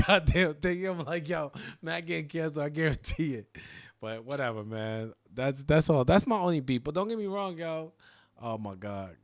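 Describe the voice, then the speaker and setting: A man hosting a podcast, talking in an animated, profane way and laughing often. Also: medium pitch, no echo. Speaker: podcast host. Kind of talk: casual podcast chat.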